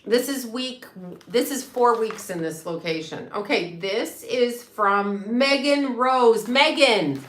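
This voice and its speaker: A woman hosting a casual livestream from home, chatty and excitable, swearing freely and laughing often. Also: a little high, takes it slowly. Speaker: psychic medium and astrologer livestream host. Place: home room with a set. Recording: echoey room with faint noise.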